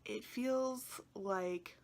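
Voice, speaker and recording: A tarot video creator speaks in a mid-range voice at a very slow pace. Chatting casually to her vlog viewers, she's emotional and close to tears, rambling and often slipping into a whisper.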